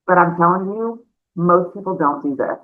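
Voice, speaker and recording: A woman giving a conversational sales training talk, chatty and animated, calling her listeners y'all. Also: lowish voice, moderate pace, a little hiss or hum. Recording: narrow phone-like sound.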